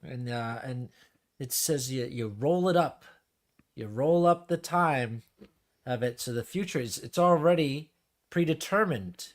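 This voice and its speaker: Mid-pitched male co-host, hesitant, thinks out loud in fragments. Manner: halting, trailing off, self-interrupting. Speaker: podcast co-host. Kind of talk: casual chat.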